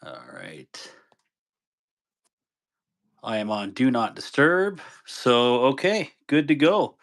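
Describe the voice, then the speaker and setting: A man's voice: mid-range voice, very animated, slow. A man hosting a casual live stream, greeting viewers by name, chatting loosely and laughing easily.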